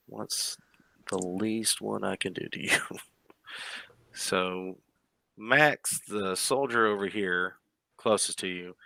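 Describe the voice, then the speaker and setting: A man with a low, bright voice narrates as game master, laying out scenes in an easygoing, descriptive manner. The sound is dry and close to the mic, as on an online call. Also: gravelly, no room sound. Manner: relaxed, descriptive, sometimes hesitant.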